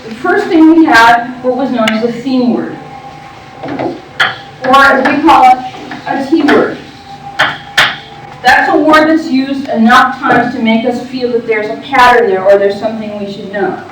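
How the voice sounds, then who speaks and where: High-pitched woman teacher running a class, bossy and quick, echoey room far from the mic. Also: background noise. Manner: brisk, directive, prompting the group. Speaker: teacher leading a workshop. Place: large room with a group.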